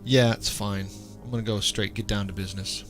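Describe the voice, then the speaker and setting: A man's voice: on the low side, fairly even intonation, a little fast, a bit bright, soft background music. A man streaming a game, reading its story text aloud and adding casual remarks of his own. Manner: reads narration evenly, then breaks off into chatty asides.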